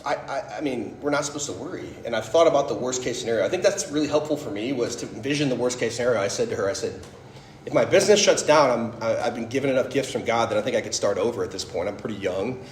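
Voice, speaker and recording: A man in his thirties gives a personal faith testimony to a live audience in a casual, storytelling way, leaning on "like" and "right?" as he goes. His voice sits at a middle pitch. The room rings with echo, and a faint hum of ambience sits behind him. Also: fast talker. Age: 30s. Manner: conversational, storytelling, frequent "like" and "right?". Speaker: speaker giving a faith talk.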